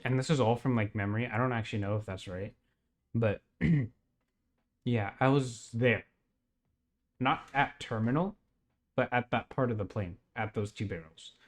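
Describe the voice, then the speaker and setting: A man's voice: medium pitch, a little slow, pauses often. Rambling young man telling a dream. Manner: rambling, many fillers and laughs. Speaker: podcast host. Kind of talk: casual dream retelling.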